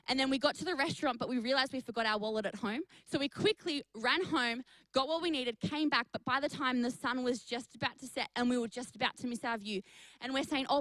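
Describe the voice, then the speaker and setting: A young woman, a youth pastor, telling a story to young people on a live stream, chatty and energetic, speaking to the chat. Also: sits high, no echo, low-quality recording. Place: studio for an online youth stream.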